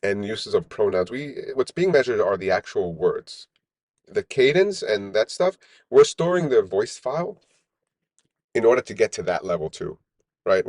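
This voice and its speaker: A low-pitched man speaks as a podcast guest, explaining his work in a loose, rambling way and checking in with "right?" again and again. The sound is dry and close, with no room echo. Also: darkish tone. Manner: rambling, frequent "right?" tags and restarts. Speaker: startup founder, guest. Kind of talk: casual podcast interview.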